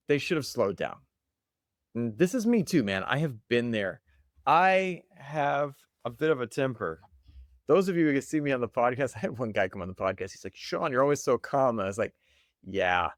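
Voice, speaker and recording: A man talks to camera in a loose, chatty motivational monologue, often laughing at his own stories. His voice sits in an ordinary middle pitch. The sound is close and dry, with no room around it. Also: dry recording. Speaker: podcast host.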